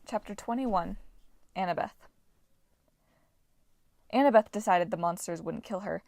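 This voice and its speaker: A woman reading an audiobook aloud with a lively, expressive delivery. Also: mid-range voice, measured pace, vocal fry, dry recording, studio quality. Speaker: audiobook narrator. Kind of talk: audiobook narration.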